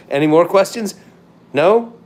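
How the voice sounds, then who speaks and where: A man hosting a casual livestream, rambling and hesitant with many fillers, often trailing off quietly. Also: sits high, a little hiss or hum. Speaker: livestream host.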